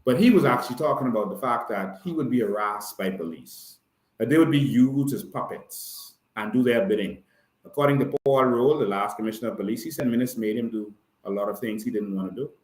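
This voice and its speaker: A man's voice: medium pitch, animated, fairly quick, echoey room, low-quality recording. A man with a Bahamian accent, hosting a live stream as an activist and talking in a fiery, emphatic way, often checking in with "all right?". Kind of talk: impassioned livestream talk.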